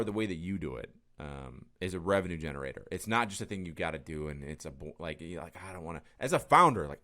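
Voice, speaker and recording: A man hosting a podcast interview, talking in a rambling, animated way with casual swearing and frequent laughter. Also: low voice. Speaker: podcast host.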